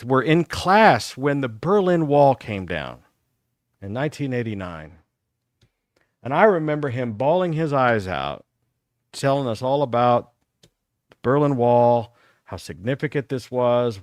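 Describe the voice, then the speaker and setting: A man's voice: mid-range voice, dry recording, studio quality. A man in his fifties from Texas, hosting a live talk show and animatedly telling school stories to a caller. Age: 50s. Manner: animated, reminiscing storyteller.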